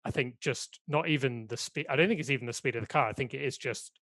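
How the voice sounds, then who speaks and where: A British man rambles chattily as a podcast co-host, his voice middle-pitched and even. The recording is close and dry. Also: fast, no room sound. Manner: chatty, rambling, self-deprecating. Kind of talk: casual chat.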